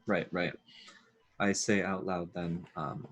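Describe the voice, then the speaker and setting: A man playing in a tabletop game, announcing his character's actions slowly and deliberately. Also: deep voice, fairly even intonation. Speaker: player. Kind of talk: tabletop role-play chat.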